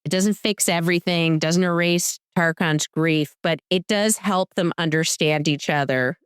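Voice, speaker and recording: A woman's voice: fairly low pitch, unhurried, clear, resonant tone, no room sound. Woman, podcast co-host, casual recap chat, dry close sound, acts out quotes. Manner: animated storyteller, acts out quotes.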